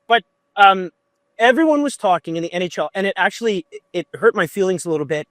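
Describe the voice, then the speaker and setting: A man in his thirties, a guest musician, telling stories with animated, fired-up energy in a casual podcast chat. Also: high-pitched, fast talker, no echo. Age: 30s.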